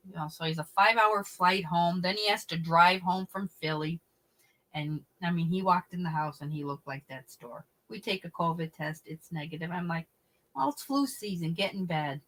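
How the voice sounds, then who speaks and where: Middle-aged woman, livestream host, chatty and animated, answers comments, swears bluntly. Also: fairly low pitch, normal speed, low-quality recording. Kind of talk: casual livestream chat.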